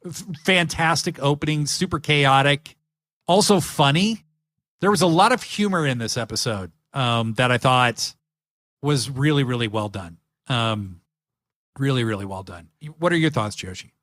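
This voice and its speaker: A man's voice: mid-range voice, expressive, normal speed, a bit bright, no echo, studio quality. A man hosting a podcast, chatting eagerly and rambling with lots of fillers. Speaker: podcast host. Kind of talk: casual chat.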